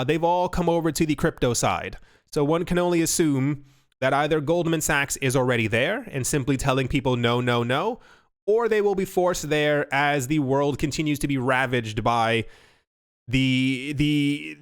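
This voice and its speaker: A man's voice: fairly high pitch, smooth. A man hosting a casual crypto news commentary, rambling and restarting his sentences often. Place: home recording setup. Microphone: studio mic.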